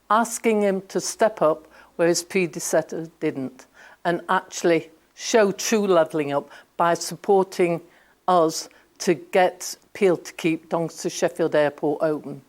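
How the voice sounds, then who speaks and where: Firm woman urging action in interview. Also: fairly low pitch. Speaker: mayor. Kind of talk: recorded interview clip.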